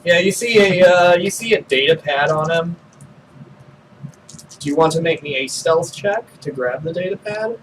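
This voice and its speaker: A man running a tabletop game as game master, laughing often and halting on fillers. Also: a little high, lively intonation. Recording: distant mic with faint noise.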